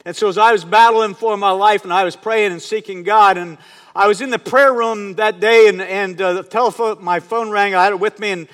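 A man's voice: high voice, fairly even intonation, brisk, a bit bright. A man in his fifties preaching, telling a personal story in a conversational way and asking the congregation questions. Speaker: pastor. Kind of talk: sermon. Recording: long hall reverb.

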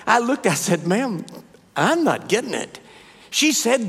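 Older preacher with a high, ringing voice. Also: male voice, a little slow, gravelly, slightly rough. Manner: animated, rising to high emphatic peaks. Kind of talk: sermon with storytelling. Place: church sanctuary. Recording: live sermon with long reverb.

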